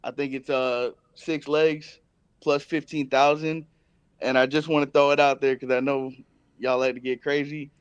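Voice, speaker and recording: A man calls in to a show and talks through his picks, relaxed and a little rambling. His voice is smooth and clear. The sound is dry and close, with no room echo. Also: mid-range voice, normal speed, dull audio. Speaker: caller. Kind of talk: casual chat.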